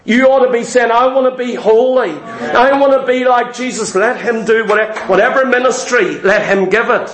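A male preacher giving an emphatic sermon in church, repeating key phrases and slowing down to stress them. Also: very high-pitched, fairly bright tone, echoey room, poor audio.

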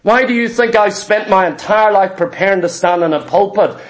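A man preaching a sermon, emphatic, firing rhetorical questions and slowing down on key words. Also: sits high. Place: church.

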